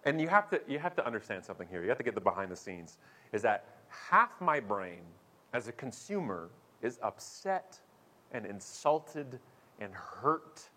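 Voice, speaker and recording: Animated man telling stories. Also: lowish voice, normal speed. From Canada. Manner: animated, acts out voices with big swings. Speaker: keynote speaker and show host. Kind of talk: humorous storytelling talk.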